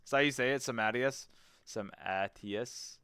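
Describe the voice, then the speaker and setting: A man's voice: mid-range voice, steady tone, very fast, bright, forceful tone, smooth, dry recording. A man streaming a game, thinking aloud, swearing casually and reading menu text as he goes. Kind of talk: casual let's-play commentary.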